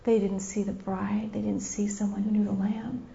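In a dull lo-fi recording, a female preacher gives a passionate, repetitive sermon, dramatizing scenes as she speaks. Her medium-pitched, mellow voice has vocal fry, a flat delivery, and a moderate pace.

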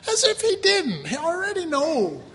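A man preaching a sermon, animated, acting out quoted voices with sudden exclamations and chuckling often as he talks. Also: extremely high pitch, moderate pace. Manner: chuckles often while talking.

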